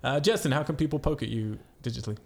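A male podcast host in casual chat who talks fast and jokes his way through a list. His voice has a gravelly edge. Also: medium pitch, a little mellow. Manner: quick, jokey, rattles off lists.

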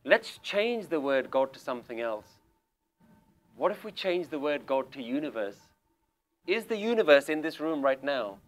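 A man's voice: a little high, very animated, normal speed. A man giving a religious lecture to a seated group, challenging listeners with direct questions and telling a story. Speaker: Sikh lecturer. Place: room with people sitting around.

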